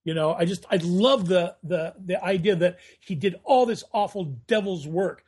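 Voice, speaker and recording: A man chatting as a guest on a podcast, telling rambling, animated stories. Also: high voice, moderate pace, husky. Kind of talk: casual podcast chat.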